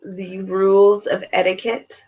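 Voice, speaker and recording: A woman co-hosting a casual reality TV chat with her son, ranting in a blunt, profane, animated way. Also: medium pitch, a little slow, highs cut off. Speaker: podcast co-host, mother.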